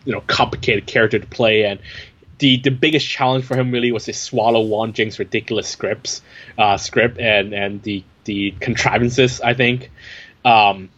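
Man, film reviewer, wry and chatty, mid pitch; dull lo-fi recording. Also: fairly bright tone. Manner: wry, chatty, many fillers. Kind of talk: casual film review chat.

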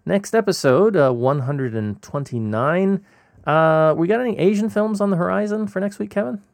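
Gravelly-voiced man hosting a podcast. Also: sits high, normal speed, dry recording. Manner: relaxed, rambling, many fillers. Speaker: podcast co-host. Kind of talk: casual podcast chat. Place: Hong Kong.

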